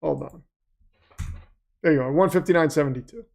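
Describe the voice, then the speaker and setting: Chatty gravelly-voiced male livestream host. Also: a little high, a little fast, a little mellow. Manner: chatty, reads out donations and chat messages. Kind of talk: casual livestream chat and play-by-play.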